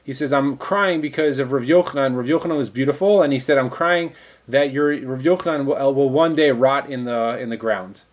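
A man's voice: medium pitch, brisk. A man teaching a Talmud lesson, reading the text aloud and then explaining it in plain, conversational words.

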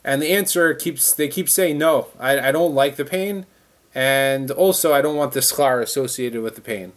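A man's voice: medium pitch, normal speed. A man teaching a Talmud lesson, reading the text aloud and then explaining it in plain, conversational words.

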